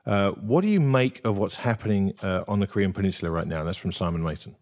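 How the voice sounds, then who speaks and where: A man's voice: low voice, quick pace, darkish tone. A man hosting an interview, reading out listener questions in a hesitant way with frequent ums and restarts. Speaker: host.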